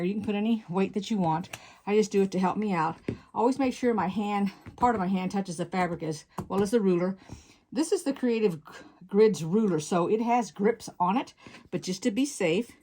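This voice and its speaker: A woman's voice: medium pitch, a little mellow, slight background noise. A woman hosting her quilting channel, explaining fabric cutting step by step in a chatty, folksy way and stopping to correct herself, recorded at a sewing table at home. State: slightly out of breath. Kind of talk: casual step-by-step sewing tutorial.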